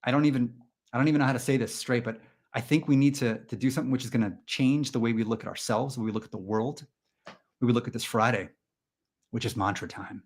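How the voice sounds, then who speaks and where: A man hosting a comedy livestream, leading a parody guided meditation in a slow, soothing tone that slides into sarcastic rants. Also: mid-range voice, a little mellow. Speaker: comedy show host.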